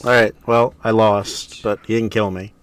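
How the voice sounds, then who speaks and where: A man's voice: fairly low pitch, flat delivery, normal speed, clear, resonant tone, faint music behind. A man streaming a video game, chatting casually with easygoing, wry, self-deprecating jokes. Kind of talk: casual let's-play chat.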